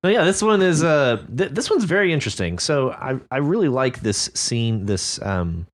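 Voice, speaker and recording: A man co-hosting a writing podcast, talking over listener stories in a relaxed, agreeable way with lots of fillers. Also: medium pitch, normal speed. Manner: laid-back, agreeable, many fillers. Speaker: podcast co-host. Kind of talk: casual discussion of listener stories.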